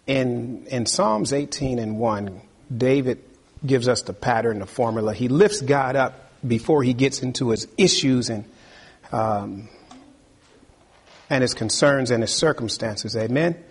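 Guy preaching a sermon, kinda husky, calls out amen and reads verses. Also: medium pitch, slow, pauses often. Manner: preaching with call-and-response, reading scripture aloud. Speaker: pastor.

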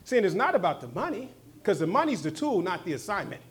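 A man preaching with a slightly high voice, talking to his listeners in a loose, slangy way. He swings from loud, emphatic lines to soft, low asides, often repeating short phrases for emphasis. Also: big pitch swings, fast talker. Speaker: pastor. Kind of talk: sermon.

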